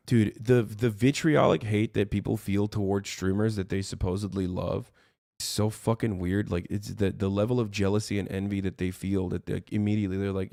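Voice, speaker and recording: A man's voice: lowish voice, fairly even intonation, brisk, creaky, dark tone, no room sound, studio quality. A man ranting on his livestream, heated and profane, rambling as he talks to his chat from his streaming room.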